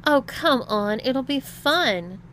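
A woman's voice: fairly high pitch, lively intonation, normal speed, pushed and bright, a little hiss or hum, pitched above the performer's own voice. A woman voicing a playful young girlfriend with a light, coaxing way of talking.

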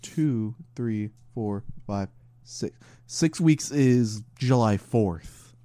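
A man's voice: medium pitch, extremely slow, warm tone, dry recording. A man co-hosting a casual podcast, a German native speaker, chatty and joking with friends. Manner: joking, chatty, lots of restarts. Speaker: podcast co-host. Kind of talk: casual chat.

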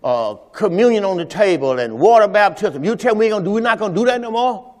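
A man's voice: sits high, lively intonation, fast. A man quoting his exasperated wife, a doubting pastor's wife who confronts him with pleading questions, in a reverberant church hall.

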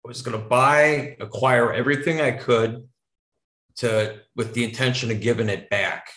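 Man guest, chatty storyteller, mid-pitched, loose and rambling, roomy echo. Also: fairly even intonation, moderate pace, a bit bright. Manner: rambling, with frequent restarts and casual swearing. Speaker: podcast guest. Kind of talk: casual conversational storytelling. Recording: echoey room.

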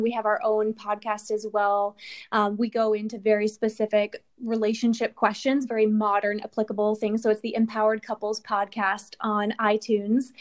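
Female guest coach, bright higher pitch, peppy plug-style delivery. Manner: upbeat, promotional. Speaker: relationship coach, podcast guest. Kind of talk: casual podcast interview.

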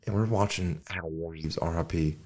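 A young man co-hosting a podcast, telling stories in a casual, animated way with lots of laughter. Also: sits low, moderate pace. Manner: animated storytelling, laughs often. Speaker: podcast co-host. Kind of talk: casual chat.

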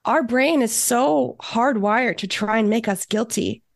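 Woman podcast guest, animated and blunt, a bit high; dry, close recording. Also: unhurried, creaky, dry recording. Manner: emphatic, animated, swears for emphasis. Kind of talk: casual conversational podcast.

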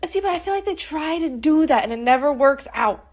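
A woman's voice: high voice, expressive, brisk. A young adult woman co-hosting a podcast in casual chat, giggly and rambling with lots of "like". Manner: giggly, rambling, heavy "like" filler. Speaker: podcast co-host.

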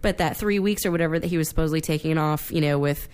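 A woman with a low, very fast voice, a little mellow and clean in tone, co-hosts a casual film-review podcast. She talks bluntly and animatedly, swearing freely and using plenty of fillers.

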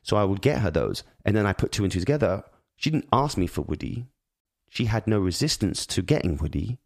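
A man's voice: on the low side, big pitch swings, fairly quick, gravelly, dry recording, studio quality. A father speaking in an earnest, reflective monologue on parenting, rambling with many restarts and repeated words.

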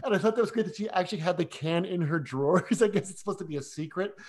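A man co-hosting a casual film discussion podcast, eager and animated, often stumbling over and repeating his words. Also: sits high, rapid-fire. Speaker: podcast co-host.

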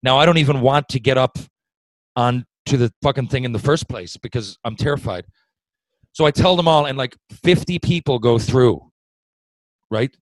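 A man telling a long story in casual chat, swearing often and getting loud when worked up. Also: mid-range voice, normal speed, no echo, low-quality recording. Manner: profane, animated, swings loud when worked up.

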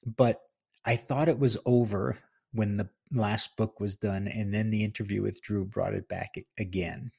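Gravelly middle-aged man telling a story. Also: lowish voice, steady tone, moderate pace, warm tone. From New Jersey. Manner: conversational, rambling, with fillers and self-corrections. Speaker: podcast host and author. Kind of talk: casual storytelling monologue.

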